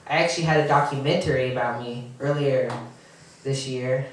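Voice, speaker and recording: Young male comic, nervous and halting stand-up, recorded from a distance in a very echoey room. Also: medium pitch, fairly even intonation, slight background noise. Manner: halting, awkward delivery with frequent restarts and chuckles. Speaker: stand-up comedian. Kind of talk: stand-up comedy set.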